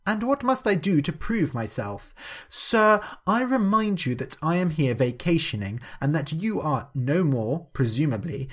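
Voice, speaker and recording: A man voicing a courteous, earnest Victorian gentleman in a storybook reading. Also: medium pitch, voice pushed up. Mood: indignant. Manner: formal, courteous.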